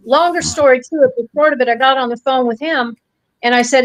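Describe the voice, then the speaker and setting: High-voiced blunt American woman storyteller. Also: fairly even intonation, quick pace, no echo, rough recording. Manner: blunt, folksy, acts out quoted voices. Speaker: podcast co-host. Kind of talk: casual storytelling chat.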